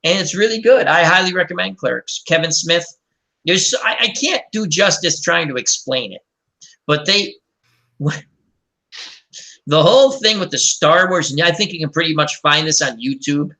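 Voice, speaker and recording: A man's voice: a little high, animated, normal speed, pushed and bright. A man hosting a casual online group chat, talking enthusiastically and rambling with many restarts. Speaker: host of an online chat show.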